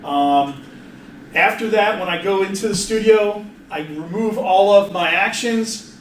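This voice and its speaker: Casual high-voiced male presenter in a roomy hall. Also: a little slow, slight background noise. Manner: casual, chatty, self-interrupting with frequent restarts; jokey, laughs often. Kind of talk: live workshop presentation. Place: meeting room at an office. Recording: roomy, distant mic, faint ambience.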